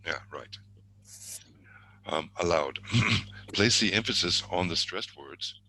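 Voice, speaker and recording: A man's voice: deep voice, lively intonation, slow, pushed and bright, slight background noise, poor audio. A man teaching an online exam-prep lesson over a video call, thinking aloud and correcting himself as he goes, with murmured asides.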